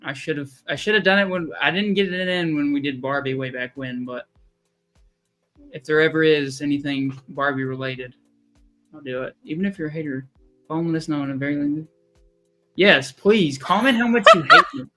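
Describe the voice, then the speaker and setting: Southern young man co-hosting a podcast, bright tone, self-mocking ramble. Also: a little high, steady tone, fairly quick, soft background music. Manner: rambling, self-deprecating, joking. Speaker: podcast co-host. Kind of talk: casual podcast chat. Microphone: streaming call mic.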